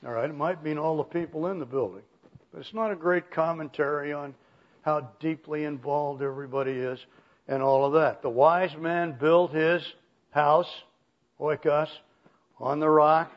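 High-voiced emphatic male preacher, muffled recording. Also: fairly even intonation, normal speed. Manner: emphatic, often rising in pitch and volume for stress. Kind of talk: expository sermon.

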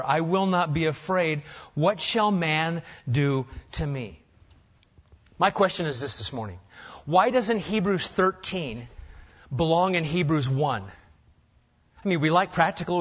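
A man's voice: high-pitched, a bit bright, dull audio. An older man from Nebraska preaching a sermon, firing off rhetorical questions with dry humor. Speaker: pastor.

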